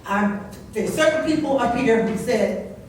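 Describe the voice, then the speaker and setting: An older woman speaks out at a council meeting, scolding and impassioned, her fairly high voice turning forceful as she presses her point. She is heard from across a very echoey room. Faint room noise sits under her words. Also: expressive, a little slow. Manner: impassioned, scolding, rising to loud indignation. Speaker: public commenter at council meeting. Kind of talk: public comment speech. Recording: very echoey distant room recording.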